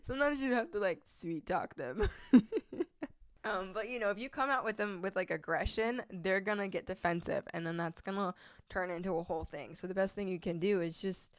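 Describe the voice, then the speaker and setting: A woman's voice: lowish voice, normal speed, dry recording, studio quality. Chatty young woman hosting a faith talk. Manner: casual, chatty, laughs often, reads scripture aloud. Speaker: podcast host. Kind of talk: faith-based advice talk.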